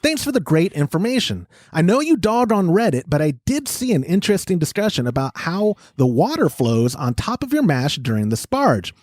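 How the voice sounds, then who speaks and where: A man's voice: high-pitched, big pitch swings, normal speed, few pauses, a little mellow, dry recording, clean studio sound. A man with a Texan accent hosting a podcast in a jokey, casual way, often laughing. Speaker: podcast host.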